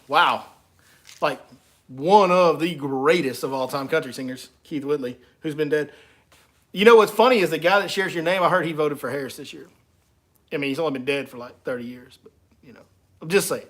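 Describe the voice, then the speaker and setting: Man, fishing guide host, casual teasing livestream chat, slightly high voice. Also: a little fast. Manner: joking, teasing and laughing between lines.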